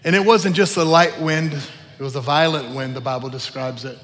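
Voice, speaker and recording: A man's voice: on the high side, normal speed, a bit bright, slight background noise. A man pastor preaching a sermon in an earnest, emotional manner, praying aloud between points. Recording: long reverb of a large hall.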